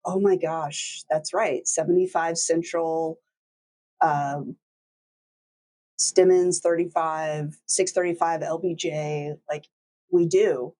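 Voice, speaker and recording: A middle-aged woman who grew up in Texas, telling lively stories in a casual chat and mimicking other people with big jumps in pitch. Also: slow pace, low-quality recording. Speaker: law firm owner, host.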